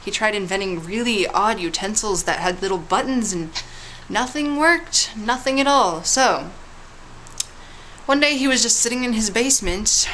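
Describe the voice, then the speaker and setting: Woman, casual vlogger, mid pitch, mock-dramatic storyteller, playful and teasing. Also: normal speed, a bit bright, a little hiss or hum, low-quality recording. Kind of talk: casual vlog with a mock history tale.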